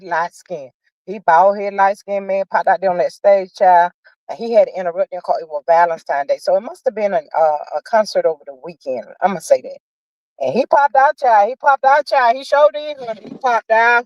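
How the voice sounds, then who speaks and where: A woman hosting a casual livestream, chatting about celebrity news in a sassy, drawn-out way and calling viewers honey and child. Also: medium pitch, warm tone, no echo, highs cut off. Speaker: livestream host. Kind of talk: casual gossip chat.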